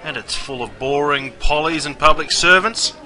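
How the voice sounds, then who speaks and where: A man's voice: on the high side, moderate pace, sharp tone, some chatter behind. An Australian-accented man playing a brash, chummy pub barman who talks in slangy, matey banter. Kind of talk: scripted character narration.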